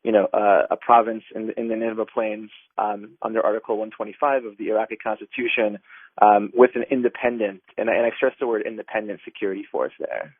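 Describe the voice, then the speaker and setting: A man's voice: on the low side, flat delivery, quick pace, no room sound. A man giving a radio interview by phone as an advocacy group director, earnest and full of fillers and restarts. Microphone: telephone. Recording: tinny phone line.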